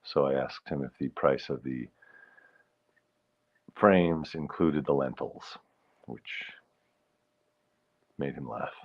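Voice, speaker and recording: A man's voice: very deep voice, slow pace, pauses often, a little mellow, highs cut off. A man hosting a livestream, chatting casually and rambling while reading out comments from viewers. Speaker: livestream host.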